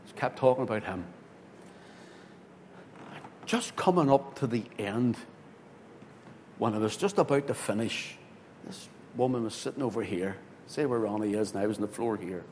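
A man, a pastor telling a story in a sermon, swinging from loud, excited bursts to hushed tones. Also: normal speed, pauses often. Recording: hall reverb with faint rumble.

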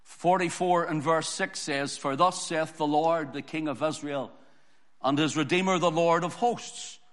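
Preacher, male, fairly high voice, forceful repetitive sermon delivery, long reverb. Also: measured pace. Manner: emphatic, repetitive preaching cadence.

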